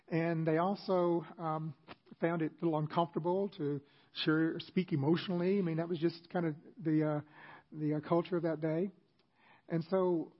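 A man's voice: fairly high pitch, highs cut off. A middle-aged man, a pastor, giving an earnest, conversational sermon with self-deprecating asides.

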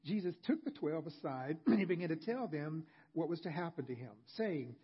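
A man's voice: on the high side, lively intonation, moderate pace, hardly any pauses, breathy edge, muffled recording. A male pastor giving a sermon in a conversational storytelling manner with humorous asides.

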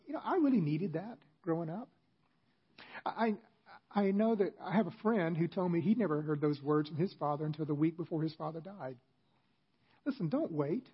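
Man pastor, middle-aged, husky, fairly high voice, earnest sermon, dull lo-fi recording. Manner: earnest, conversational with self-deprecating laughs.

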